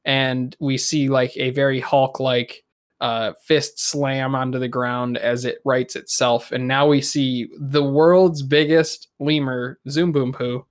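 A man improvising a silly adventure story in casual chat, halting and searching for words. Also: medium pitch, level tone.

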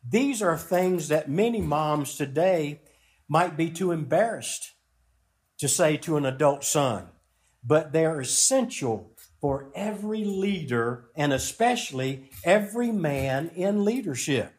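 A middle-aged man preaching a sermon as a pastor, slow and emphatic with long pauses. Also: fairly high pitch, lively intonation.

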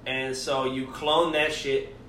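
A man's voice: medium pitch, flat delivery, slow, sharp tone, slight background noise. A man in casual chat with coworkers, insisting on his points and swearing freely. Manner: insistent, says bro a lot, swears. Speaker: restaurant worker. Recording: echoey room, far from mic.

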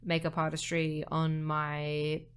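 Blunt, lower-voiced female podcast co-host. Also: monotone, takes it slowly, smooth. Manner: blunt, laughing asides, swears. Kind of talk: casual chat.

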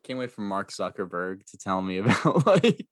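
A laid-back man with a lowish voice, trading sarcastic jokes in casual chat. The sound is dry and close, with no room echo. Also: sing-song, moderate pace.

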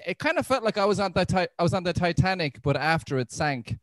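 An Irish man works through a stand-up set, mocking himself and restarting lines as he goes. His voice sits fairly high. The sound is dry and close. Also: sing-song, fast, dry recording. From Ireland. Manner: self-deprecating, with loose restarts. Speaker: stand-up comedian.

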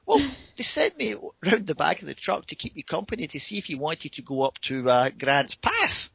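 A giggly, tipsy woman in her forties keeps insisting and repeating herself, voiced by a Scottish man. The voice sits high and swoops around with a bright edge. The recording is dull and dry. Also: very animated, moderate pace, creaky, slightly rough, dry recording, heavily acted. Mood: tipsy, flirty. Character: tipsy chatty American woman, forties, flirtatious.

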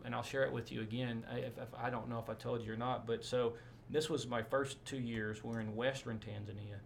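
A man, a pastor, telling stories in a casual interview, rambling and animated with many asides. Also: mid-range voice, a little hiss or hum.

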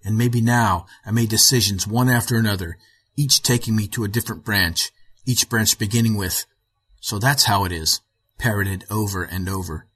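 A man giving a measured, scripted reading of a fiction story as its narrator. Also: lowish voice, a bit bright, breathy edge.

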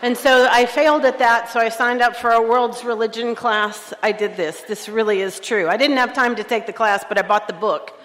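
A woman's voice: on the high side, steady tone, moderate pace, few pauses, fairly bright tone, a little hiss or hum. A woman speaking at a recovery conference, sharing her story with candid, self-mocking humor. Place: conference hall. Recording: live talk in a reverberant hall.

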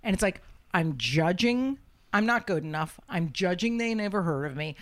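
A woman's voice: lowish voice, expressive, moderate pace. A woman in her fifties, a comedian hosting a podcast, telling stories in a brash, profane, self-deprecating way. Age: 50s. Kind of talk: casual podcast chat.

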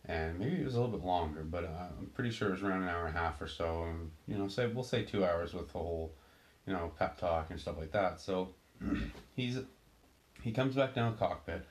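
A man telling a personal story in a casual, halting way, full of restarts and fillers. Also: sits low. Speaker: storyteller recounting a sailing ordeal.

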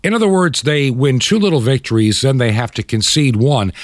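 A man's voice: mid-range voice, sing-song, brisk, hardly any pauses, dry recording, studio quality. Impassioned older man preaching on radio. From United States. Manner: impassioned, preachy, mocks opponents in quoted voices. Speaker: radio talk show host. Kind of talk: Christian talk radio commentary.

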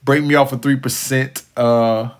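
A man hosting a casual interview podcast, joking and animated, laughing often and swearing freely. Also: medium pitch, a little slow. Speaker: podcast host.

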